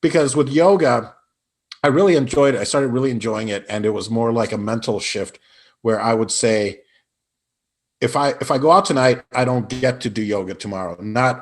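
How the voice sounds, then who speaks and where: Husky-voiced male comedian telling stories. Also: mid-range voice, moderate pace. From Illinois. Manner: animated anecdotes with put-on quoted voices. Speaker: podcast guest, improv actor and comedian. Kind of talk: casual storytelling interview.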